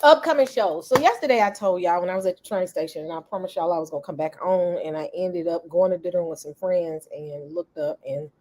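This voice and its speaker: A woman's voice: fairly low pitch, fairly quick, few pauses, darkish tone, slight background noise. A middle-aged woman, hosting a laid-back livestream and greeting viewers as they join. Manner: greets viewers repeatedly, laid-back, coughs now and then. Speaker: livestream host. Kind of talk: casual livestream chat.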